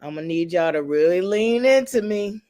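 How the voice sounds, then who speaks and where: A host on a casual livestream who greets viewers by name and jokes around in relaxed, playful slang. The voice sits in an ordinary middle register. The delivery wanders easily from teasing to storytelling. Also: mid-range voice, normal speed. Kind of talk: casual live chat with viewers.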